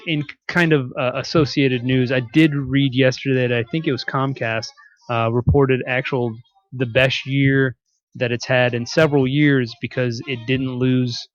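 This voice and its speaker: Easygoing man chatting, mid-pitched voice. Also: highs cut off. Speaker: podcast co-host. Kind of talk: casual chat.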